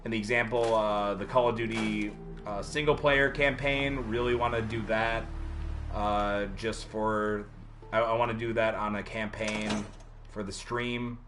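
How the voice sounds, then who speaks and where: A man's voice: fairly low pitch, fairly even intonation, unhurried, a bit bright, faint music behind. Chatty rambling male game streamer. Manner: rambling, chatty, lots of fillers, answers chat. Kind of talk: casual live-stream commentary.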